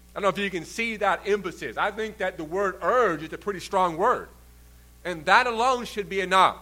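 A man's voice: high voice, pushed and bright. A man preaching a sermon in an earnest, emphatic way, stretching out key words for stress. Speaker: pastor.

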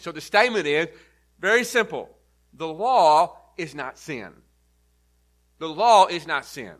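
Bright-voiced pastor preaching emphatically. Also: male voice, fairly high pitch. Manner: earnest, emphatic teaching with repeated stresses. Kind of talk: sermon. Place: church.

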